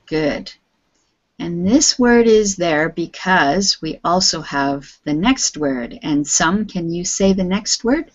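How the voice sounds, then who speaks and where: A woman teaching an English vocabulary class, speaking patiently and enunciating every word clearly. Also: lowish voice, expressive, slow, lo-fi sound.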